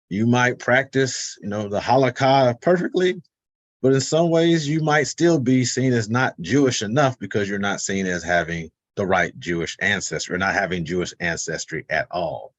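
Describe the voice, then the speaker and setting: A man with a fairly low, husky voice explains in loose, casual talk, his pitch rising and falling a lot. He drops in fillers and acts out the quotes in his stories. The sound is dry and close, as on a video call. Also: dry recording, dull audio. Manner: conversational, many fillers, tells anecdotes with quoted voices. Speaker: panelist on a webinar.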